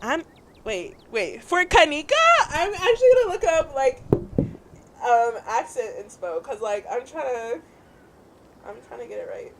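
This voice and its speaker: A young woman casually commenting and reading game text aloud, giggly and animated. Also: high-pitched, measured pace, background noise. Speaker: gaming channel host. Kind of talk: let's play commentary.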